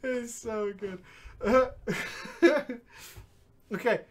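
A man's voice: very high-pitched, very slow. A man in his thirties chatting casually as a podcast co-host, laughing often and teasing. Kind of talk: casual chat.

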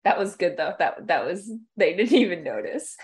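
A woman's voice: lowish voice, expressive, normal speed, a little mellow. A woman player speaking in character in a tabletop game, playful and joking.

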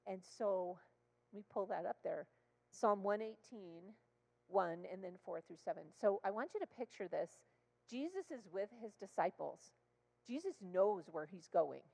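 A woman preaching a passionate sermon in church, often rising to loud exclamations. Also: medium pitch, gravelly, big-room sound, rough recording. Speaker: guest speaker. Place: church sanctuary.

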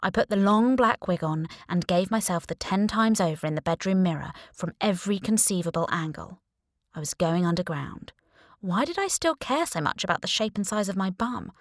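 Woman narrator, low-ish voice, wry first-person audiobook read, dry studio sound. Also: a little fast, no room sound. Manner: wry, lively storytelling.

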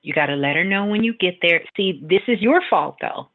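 A woman's voice: lowish voice, brisk. Teasing middle-aged woman host on a tinny line. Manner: animated, teasing, laughs often, acts out quoted voices. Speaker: radio host and spiritual advisor. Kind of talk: casual advice chat. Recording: tinny phone-line sound.

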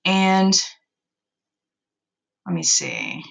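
Gravelly-voiced sarcastic young woman. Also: deep voice, huge pitch swings, extremely slow, poor audio. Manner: sarcastic, self-mocking, swears freely. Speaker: podcast host. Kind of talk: casual self-roasting story recap.

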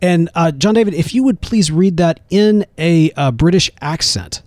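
A man's voice: fairly high pitch, lively intonation, moderate pace, a little mellow, no echo. Laid-back American man, podcast co-host. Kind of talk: casual podcast chat.

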